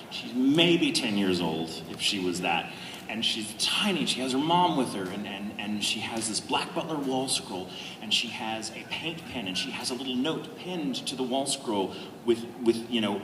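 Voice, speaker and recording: A man, a voice actor on a convention panel, telling a casual story to a live audience, animated and laughing often. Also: mid-range voice, normal speed. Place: large convention hall. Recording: echoey hall, distant noisy mic.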